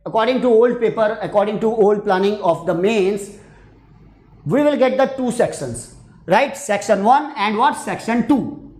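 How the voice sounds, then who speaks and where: A man's voice: sits high, animated, normal speed, darkish tone, roomy sound. A man with an Indian English accent teaching an online exam prep lesson, asking rhetorical questions, repeating points and mixing in Hindi. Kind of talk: online lecture.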